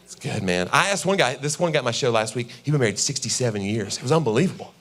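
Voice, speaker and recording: A man's voice: medium pitch, animated, fast talker, fairly bright tone. A man in his forties doing stand-up comedy on a church stage, talking to the crowd conversationally and acting out little scenes with his wife. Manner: conversational, acts out voices of his wife and himself. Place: church auditorium with a live audience.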